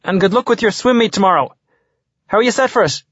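Awkward middle-aged teacher guy, narrator doing him, high and forced-cheerful, muffled. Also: expressive, quick pace, fairly bright tone, no echo. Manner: hearty, strained friendliness.

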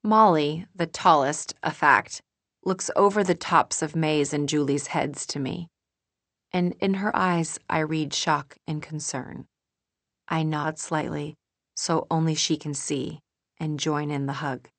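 A woman narrating a first-person audiobook in a calm, measured, introspective manner. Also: low voice, no room sound.

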